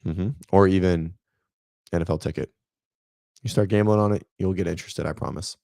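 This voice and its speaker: A man's voice: sits low, fairly even intonation, fairly quick, gravelly, warm tone, dry recording, studio quality. A man in his thirties, a fitness coach and host, chatting casually on a livestream in a rambling, laid-back way and talking to viewers by name.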